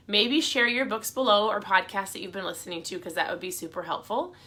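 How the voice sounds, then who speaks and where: Bright, upbeat woman vlogger. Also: mid-range voice. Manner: upbeat, encouraging, chatty. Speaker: vlogger giving motivational advice. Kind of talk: casual motivational talk to camera.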